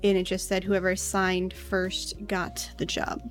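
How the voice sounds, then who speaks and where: A woman running a tabletop game as dungeon master, narrating in a relaxed, chatty way with fillers. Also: medium pitch, unhurried, soft background music.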